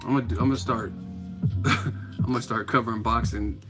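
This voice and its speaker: A man hosting a live show, talking casually with a profane, animated manner and frequent laughter. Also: medium pitch, moderate pace, music in the background. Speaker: host.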